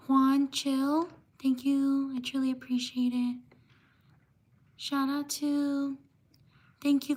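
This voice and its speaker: A woman hosting a livestream reads viewer names from the chat in a slow, unhurried way. Her voice sits high and stays level, with little rise and fall, and she pauses between each shout-out. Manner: slow, steady shout-outs, apologizing for mispronouncing names. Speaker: livestream host.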